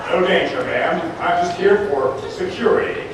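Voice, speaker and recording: An actor playing a cocky, bumbling private detective with swaggering, hard-boiled bluster in a live dinner-theatre comedy. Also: male voice, high-pitched, expressive, normal speed, a crowd in the background. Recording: echoey room from far off, music and noise.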